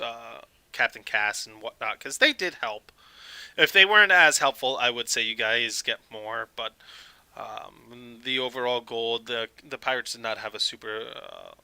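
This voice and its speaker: A man narrating a tabletop game as game master, relaxed, with many fillers and laughs. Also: mid-range voice, measured pace, gravelly, clean tone, no echo, rough recording. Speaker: dungeon master.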